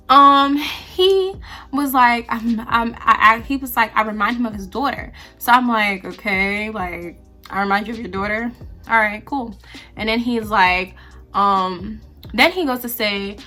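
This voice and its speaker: A woman's voice: fairly high pitch, steady tone, normal speed, bright, forceful tone, soft background music. A young woman vlogger chatting casually through a story, quoting the people involved in her own voice. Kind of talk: casual storytime while doing her hair.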